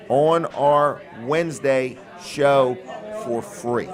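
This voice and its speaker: A man hosting a local radio show, pitching sponsorships in a folksy, joking patter. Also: fairly quick. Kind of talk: casual radio talk and sales pitch.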